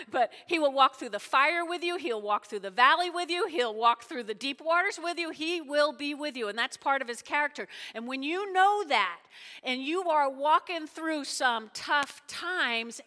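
A woman delivers a sermon with a high, bright voice that rings through a reverberant hall. She preaches in an emphatic, conversational way, often pausing to check in with her listeners.

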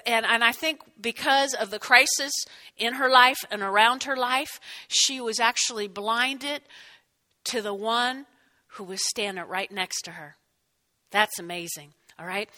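A woman's voice: a little high, pushed and bright. A woman preaching a sermon, telling a scripture scene expressively and asking her listeners questions.

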